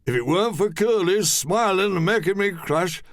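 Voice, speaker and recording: A man performs a bossy, skinny man in a suit who blusters and scolds in old-fashioned slang, pitching his voice higher than his own. The voice is high with lively intonation at a moderate pace, on a dry, clean studio recording.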